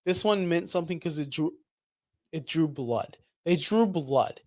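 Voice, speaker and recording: A man's voice: fairly high pitch, animated, a little slow, darkish tone, dry recording. Easygoing man co-hosting a podcast. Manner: easygoing, lots of short agreeing replies. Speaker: podcast co-host. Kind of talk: casual chat.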